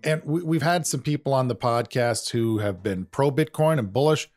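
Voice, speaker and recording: A man's voice: mid-range voice, normal speed, a little mellow. Chatty self-deprecating male podcast host. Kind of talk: conversational podcast banter.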